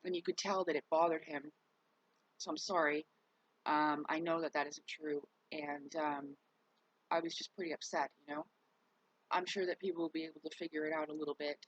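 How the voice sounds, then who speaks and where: A woman's voice: sits low, steady tone, normal speed, no room sound, rough recording. A worn-out woman talking candidly to her viewers in a rambling, casual vlog, cursing now and then. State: worn out, recovering. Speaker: vlogger.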